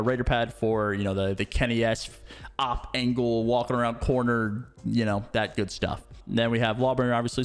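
A young man giving relaxed, chatty gameplay commentary and explaining his setups. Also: medium pitch. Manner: relaxed, chatty, uses fillers. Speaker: gaming streamer.

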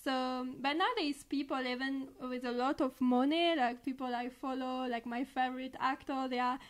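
Young woman, non-native English speaker, podcast guest, high-pitched, giggly. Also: steady tone, normal speed. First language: not English. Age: young adult. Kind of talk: casual conversational interview.

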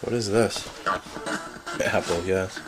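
A man's voice: low-pitched, fairly even intonation, takes it slowly. A man running a casual ghost-hunting session, coaxing unseen spirits with questions and thanking them. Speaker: paranormal investigator. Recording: loud music under the voice.

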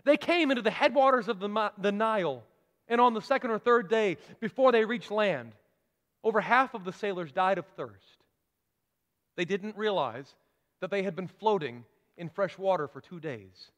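High-voiced pastor preaching in a reverberant church. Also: male voice, a bit bright. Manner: preacherly, rising to emphatic declarations. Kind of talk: sermon.

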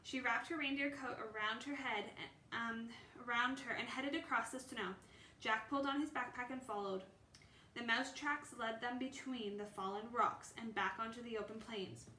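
A woman's voice: a little high, normal speed, pushed and bright. Woman reading a children's book aloud. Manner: unrehearsed reading with small stumbles and restarts. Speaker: reader. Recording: echoey room, faint background noise.

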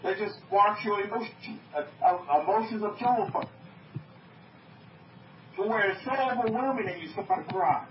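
A man's voice: high-pitched, normal speed, long pauses, slight background noise. A man preaching to an online group, emphatic, repeating his phrases and asking his listeners questions. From North America. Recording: muffled, echoey, from far off.

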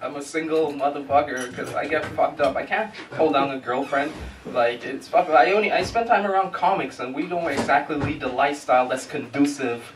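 A man's voice: a little high, brisk, noisy background. A man doing a stand-up comedy set, profane and rambling, often restarting his sentences. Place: comedy club with live audience. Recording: echoey club, distant mic, loud crowd laughter.

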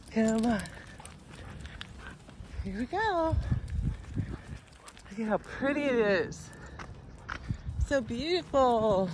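A woman's voice: medium pitch, slight background noise, low-quality recording. A cheerful, chatty woman vlogging on a phone, partly while out on a forest walk, cooing at her dog now and then. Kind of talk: casual chatty vlog.

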